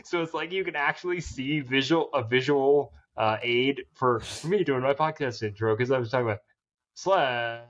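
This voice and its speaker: A man's voice: mid-range voice, fairly quick, hardly any pauses, muffled recording. A man guesting on a podcast, chatting casually in a rambling, self-deprecating way and laughing often. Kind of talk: casual chat.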